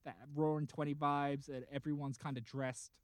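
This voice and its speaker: A man's voice: on the high side, flat delivery, moderate pace, smooth, no room sound. A man, a podcast host animatedly retelling a dream and acting out voices. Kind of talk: casual chat, retelling a dream.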